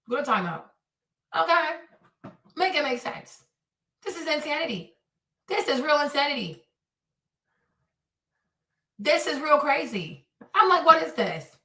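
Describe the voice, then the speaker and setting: Woman, reaction streamer, loud mocking rants, sharp tone, far from the mic in an echoey room. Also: sits high, very animated, unhurried, long pauses. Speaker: streamer host.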